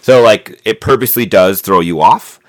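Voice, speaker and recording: Man, very low voice, casual podcast chat, rambling, lots of ums. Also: normal speed. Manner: rambling, many fillers and restarts. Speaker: podcast co-host. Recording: noisy amateur mic recording.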